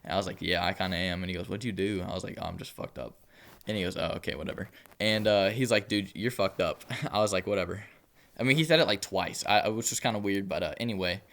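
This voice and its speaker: This young man has a deep, somewhat bright voice and talks quickly, telling a rambling story about his own life. As a storytelling vlogger, he stays casual and easygoing, leaning heavily on filler words.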